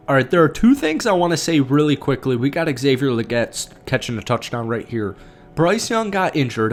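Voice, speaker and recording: A young man hosting his own sports channel, talking fast and excited through rapid-reaction football commentary, a little out of breath. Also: medium pitch. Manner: excited, hurried, hyped-up.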